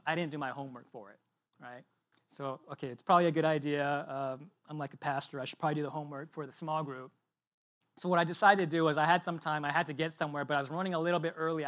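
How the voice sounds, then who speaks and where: A man's voice: on the high side, a bit bright. Man, pastor, chatty sermon storyteller with casual fillers. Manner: casual storytelling with many fillers and tag questions.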